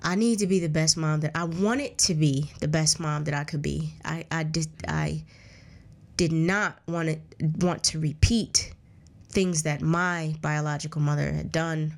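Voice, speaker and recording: A woman's voice: low voice, fairly even intonation, a little slow, gravelly. A woman in her thirties, a guest in an interview, telling her life story in a candid, earnest way, often restarting her sentences. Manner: acts out others' words in a raised voice. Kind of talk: casual personal storytelling.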